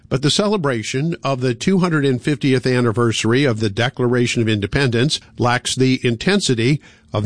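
Male radio announcer, scripted intro, mid pitch, dry studio sound. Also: no echo.

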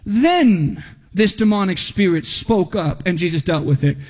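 A man's voice: sits high, animated, unhurried, darkish tone. A man preaching an expository sermon in a church service, speaking conversationally, often asking the congregation "right?", and rising animatedly when reading quoted speech. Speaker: pastor. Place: church sanctuary during a service. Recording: long hall reverb.

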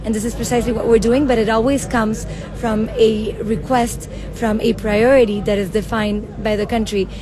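Measured woman minister amid crowd noise. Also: a little high, flat delivery. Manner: measured, explanatory, lists points. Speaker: government minister. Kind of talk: news interview.

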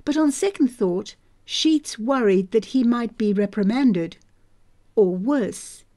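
Reading a novel aloud for an audiobook, a woman narrates in a steady, measured way, her voice on the high side.

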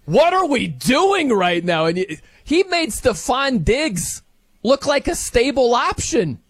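A man hosting a sports talk show, excited and sarcastic, with quick asides. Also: very high-pitched, no echo.

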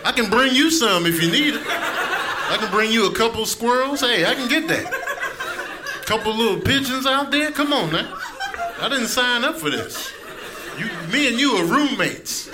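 A man voicing a rude, demanding house cat that loudly scolds its owner about an empty food dish. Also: very high voice, expressive, moderate pace, noisy background, pitched above the performer's own voice. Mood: indignant. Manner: loud, indignant, demanding.

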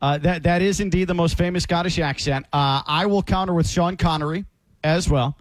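High-voiced, playful sports co-host. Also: male voice, brisk, dry recording. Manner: playful, laughs easily, teasing. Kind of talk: casual sports chat.

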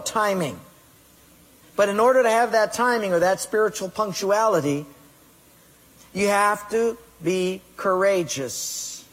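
A man's voice: fairly high pitch, a bit bright. A pastor preaching a sermon with emphatic delivery, now and then acting out his listeners' excuses. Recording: voice in a large reverberant hall.

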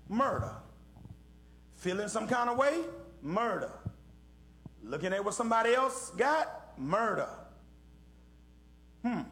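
A man's voice: high-pitched, fairly bright tone, a little hiss or hum. A middle-aged man leading an interactive Bible lesson for young people, asking questions and calling on listeners in a folksy preaching manner. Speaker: Bible study teacher.

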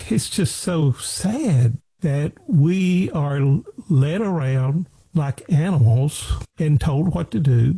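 A man's voice: fairly high pitch, expressive, slow pace, hardly any pauses, warm tone, husky, low-quality recording. A man hosting a talk radio show, giving sarcastic opinionated commentary and acting out both sides of imagined conversations.

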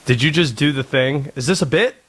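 A man's voice: medium pitch, brisk, fairly bright tone, breathy edge. A man in his thirties hosting casual sports talk radio, sarcastic and rambling.

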